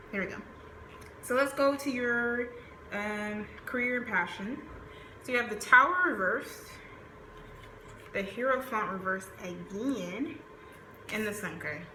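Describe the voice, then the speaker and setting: With a sharp tone at medium pitch, a woman with a Southern US accent rambles through a tarot reading, chatting and using plenty of fillers. The room echoes and background noise is faint.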